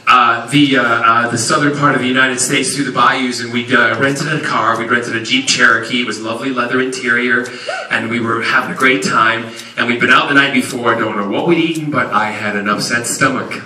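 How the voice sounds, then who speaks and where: Animated man telling stories in an echoey hall. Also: medium pitch. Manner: animated, laughing, camp storyteller. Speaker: convention panel guest. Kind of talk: comic storytelling to a crowd. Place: large convention hall. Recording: echoey hall from far off, loud crowd and noise.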